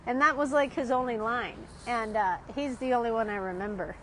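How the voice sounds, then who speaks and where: A woman's voice: sits high, a little fast, hardly any pauses, fairly bright tone, a little hiss or hum, rough recording. Chatty woman rambling at a street café. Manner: chatty, rambling, often adds "right?", laughs a lot. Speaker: art teacher vlogging. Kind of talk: casual rambling monologue. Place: outdoor street café in a city. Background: street ambience.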